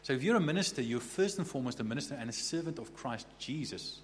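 A man's voice: mid-range voice, expressive, quick pace. Conversational preacher man in an echoey hall. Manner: conversational, repeats and restarts words, checks in with "okay?". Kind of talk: sermon. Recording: echoey hall with faint hum.

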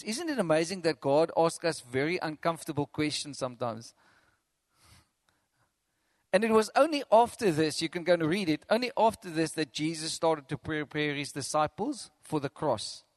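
A man preaching a sermon as pastor, animated, acting out quotes and chuckling between points. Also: fairly high pitch, no echo.

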